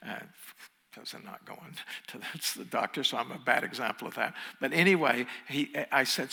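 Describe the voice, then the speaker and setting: A meditation teacher, a man, tells a story during a dharma talk in an easy, conversational way, with small chuckles and restarts. His voice is bright but husky, and a long hall reverb trails behind it. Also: medium pitch, moderate pace. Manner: conversational, chuckling, restarts, drops to hushed emphasis.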